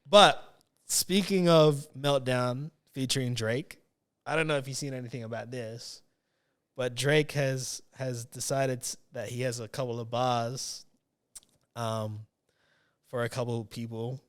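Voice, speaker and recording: A man's voice: mid-range voice, steady tone, measured pace, fairly bright tone. A man hosting a podcast in casual chat, rambling with many fillers and restarted sentences. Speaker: podcast host.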